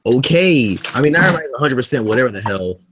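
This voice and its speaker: A man co-hosting a podcast in casual chat, loud and teasing, swearing often. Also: mid-range voice, lively intonation, very fast, a little hiss or hum, rough recording. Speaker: podcast co-host.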